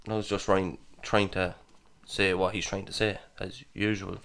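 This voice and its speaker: A man's voice: low-pitched, flat delivery, normal speed, a bit bright. A man co-hosting a podcast, ribbing his friend with sweary banter. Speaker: podcast co-host. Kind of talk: casual chat.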